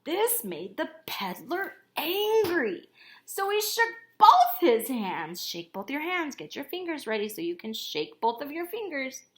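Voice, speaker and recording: A woman's voice: sits high, very animated, unhurried. A woman reading a picture book aloud to children, asking them questions and having them join in. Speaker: storyteller for children.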